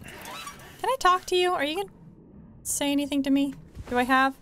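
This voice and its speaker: A woman giving casual let's play commentary, chatty and laughing, often yelling profanities at characters. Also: sits high, normal speed. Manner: profane, yells at game characters. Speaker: gamer.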